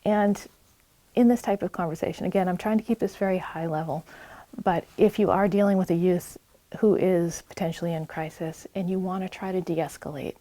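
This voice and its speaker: A woman's voice: fairly low pitch, fairly even intonation, a little fast, mellow, no echo. A woman with a New England accent giving a public health talk in a library, earnest and reassuring as she gives direct advice. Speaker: community health presenter. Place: public library meeting room.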